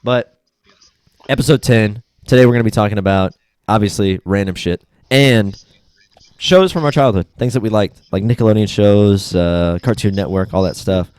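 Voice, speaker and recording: A young man hosting a casual podcast, laid-back and blunt, swearing freely and getting animated when he retells stories. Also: fairly low pitch, normal speed, clean tone, no echo. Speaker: podcast host. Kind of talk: casual chat.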